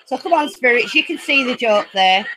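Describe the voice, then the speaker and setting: A woman hosting her own paranormal channel from home, chatty and easily excited, laughing often as she talks to her viewers. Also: a little high, moderate pace, background noise. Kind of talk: casual live chat. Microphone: laptop.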